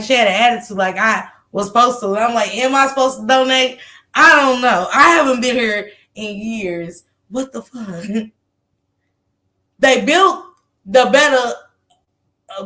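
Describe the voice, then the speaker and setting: A woman in her thirties telling a story in casual chat, animated and profane, laughing often and acting out the people she quotes. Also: mid-range voice. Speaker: storyteller recounting a street encounter.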